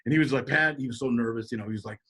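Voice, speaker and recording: A middle-aged man telling a story as a podcast guest, animated and jokey, acting out quotes in shifting voices. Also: medium pitch, racing. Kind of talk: casual storytelling.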